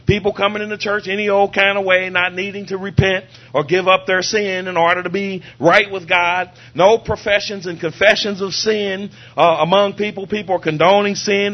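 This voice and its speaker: A man delivers a fervent sermon in a fairly high voice, circling back on his points and quoting scripture. The recording sounds a little dull and lo-fi. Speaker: preacher.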